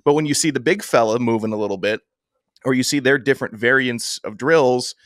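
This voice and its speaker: A man co-hosting a football podcast in a casual chat, teasing his co-host and acting out coaches' shouts. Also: medium pitch, fairly quick, no echo, clean studio sound.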